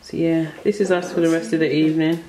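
A woman's voice: low voice, little pitch movement, fast, warm tone. A woman vlogging casually while touring a holiday rental with a handheld camera, hesitant with many ums. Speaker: travel vlogger. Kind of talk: casual vlog chat. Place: holiday rental flat, indoors. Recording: noisy travel footage.

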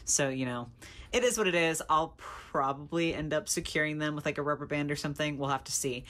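A young woman chatting casually in a doll haul video, gushing and excitable, laughing often and saying "like" a lot. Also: sits low, brisk. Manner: gushing, excitable, giggly, lots of "like". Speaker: doll collector vlogger.

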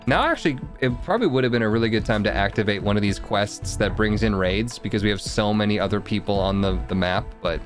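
Male streamer, lower voice, casual wisecracking commentary over faint game music. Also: fast, few pauses. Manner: joking, muttering to himself and the game.

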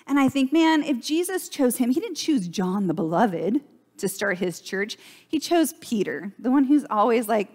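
A woman with a high voice and a somewhat dark tone preaches in church as pastor. Her sermon is relaxed and conversational, punctuated often by "right?".

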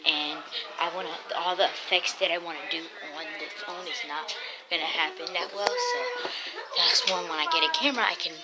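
A woman chats into her phone from a room at home in a loose, rambling vlog style, with plenty of fillers and restarts. She sometimes drops to a whisper for an aside. The phone recording carries a loud, steady background noise. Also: lowish voice. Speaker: vlogger. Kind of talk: casual vlog chat.

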